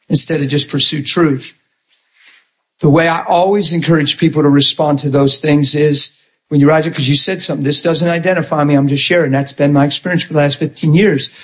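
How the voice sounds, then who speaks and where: A man preaching as a pastor, animated and playful, acting out other people's voices as he talks. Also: a little high, rough recording. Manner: animated, acts out quoted voices. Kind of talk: lively sermon.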